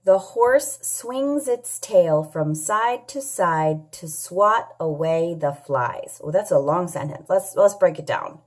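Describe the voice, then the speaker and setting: A woman teaching a children's phonics lesson, sounding out letters and words clearly and patiently, asking questions and answering them herself. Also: fairly low pitch, animated, slow, hardly any pauses. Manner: patient, asks and answers her own questions. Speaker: English teacher.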